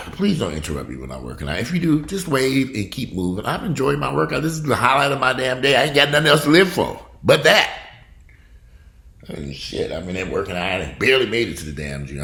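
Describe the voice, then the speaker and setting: A middle-aged man from the United States, ranting to camera in a casual vlog, blunt and profane, swinging from loud outbursts to low grumbling. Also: big pitch swings, a little fast, gravelly, roomy sound. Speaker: vlogger.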